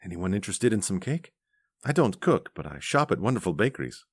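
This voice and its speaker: A man's voice: fairly low pitch, very animated, brisk, slightly rough, no room sound, voice pushed up. Man voicing a cheerful older hostess. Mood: amused.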